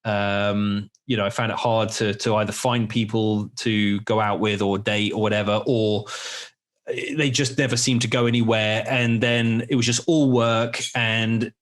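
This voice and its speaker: A man's voice: on the low side, flat delivery, unhurried. A man in his forties hosting a podcast, telling candid, rambling stories in casual chat with some swearing. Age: 40s. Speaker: podcast host.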